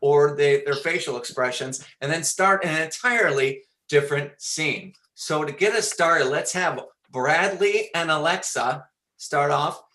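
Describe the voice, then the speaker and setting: A man hosts an online improv show over a video call. His voice is bright and sits a little high. The call audio sounds roomy. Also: measured pace. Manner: upbeat, explains game rules. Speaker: show host.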